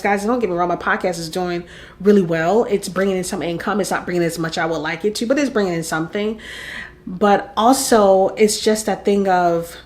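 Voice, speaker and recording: A woman in her forties talking candidly in a personal vlog, reflective and openly vulnerable, admitting she rambles as she thinks aloud. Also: medium pitch. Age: 40s. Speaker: content creator and podcaster.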